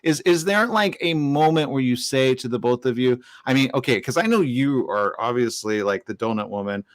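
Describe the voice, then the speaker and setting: A man hosts an interview over a video call, keeping the chat casual, chatty and playful with his guests. He speaks in a mid-range voice at normal speed.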